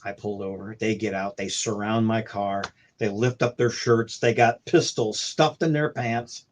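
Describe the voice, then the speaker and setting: A man's voice: on the high side, moderate pace. Man telling rambling road stories. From St. Louis. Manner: rambling anecdotes with many restarts and fillers. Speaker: guest musician. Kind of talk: casual storytelling chat. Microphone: video call.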